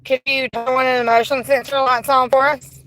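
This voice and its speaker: A woman livestreaming a ghost investigation from her car on a phone, politely addressing spirits and bursting into excitement. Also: high voice, fairly quick, rough recording. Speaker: paranormal livestreamer. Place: inside a car.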